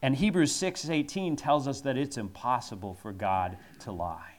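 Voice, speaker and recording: A man preaching a sermon, slow and emphatic, repeating key phrases for force. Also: mid-range voice.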